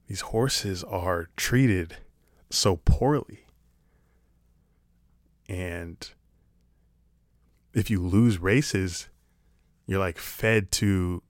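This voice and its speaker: A man's voice: low voice, no room sound, studio quality. A man talking to camera in a casual comedic monologue, sarcastic and rambling, swearing casually. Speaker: vlogger.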